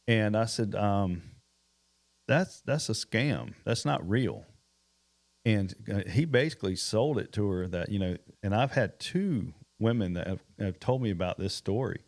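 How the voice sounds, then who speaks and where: A man's voice: lowish voice, moderate pace, few pauses, darkish tone. A man hosting a bail bonds podcast, giving earnest warnings in casual chat. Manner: earnest, warning tone, repeats points.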